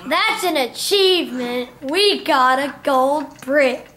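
A woman's voice: sits high, expressive, slow pace, pushed and bright, a little hiss or hum. A woman giving casual, playful let's play commentary on a video game, chatting and muttering to herself.

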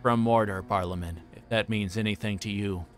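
A man doing a grim, low-voiced ranger. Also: fairly even intonation, soft background music, lightly acted. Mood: stern. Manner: low, quiet and measured. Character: grim weathered male ranger, quiet and stern.

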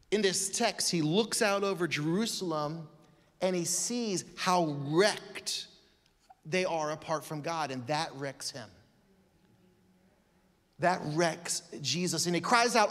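High-voiced male preacher in reverberant hall. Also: a bit bright. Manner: earnest, emphatic, drawn-out pauses. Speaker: guest pastor. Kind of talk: sermon. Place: church sanctuary.

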